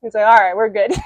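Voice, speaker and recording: With a voice on the high side and no room sound behind her, a young adult woman hosts a podcast that feels like a candid chat among friends. She's an animated storyteller who laughs a lot and performs the quoted lines.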